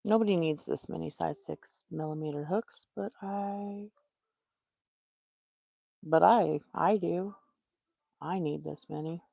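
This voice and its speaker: A woman's voice: on the low side, slow, creaky, long pauses, warm tone, dry recording. A woman, hosting a casual crochet livestream, talking to herself and muttering in exasperation as she works. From Texas. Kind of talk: casual live-stream chat while crocheting.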